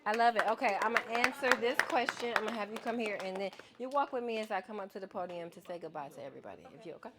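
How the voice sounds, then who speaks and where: Heavy background noise surrounds a woman racing through a student keynote in a medium-pitched voice with few pauses. Before the audience in the event hall, her tone is lively and playful, and she keeps calling on people in the crowd.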